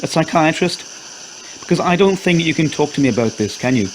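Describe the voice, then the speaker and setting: A man voicing an exasperated husband who shouts commands and then pleads. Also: fairly high pitch, animated, a little fast, background noise, voice pushed up, close to an everyday voice. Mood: pleading.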